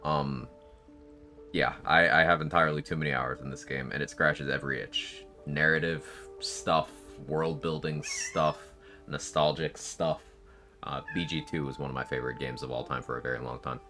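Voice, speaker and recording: A man's voice: a bass voice, steady tone, normal speed, sharp tone, faint music behind. A man streaming a game live, chatting casually in a sleepy, laid-back way, laughing often and swearing now and then. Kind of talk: casual live-stream chat over gameplay.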